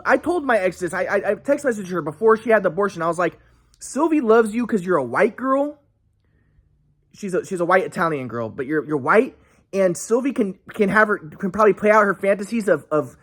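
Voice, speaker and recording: A man's voice: sits high, fairly bright tone. A young man telling a personal story in an agitated, rambling way, cursing often and restarting his sentences. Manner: agitated, profane, many restarts.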